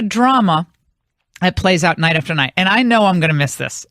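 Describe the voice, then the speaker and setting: A woman's voice: fairly low pitch, lively intonation, moderate pace, a bit bright, no room sound, studio quality. A woman hosting a radio talk show, telling a long rambling anecdote in casual on-air chat. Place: radio studio.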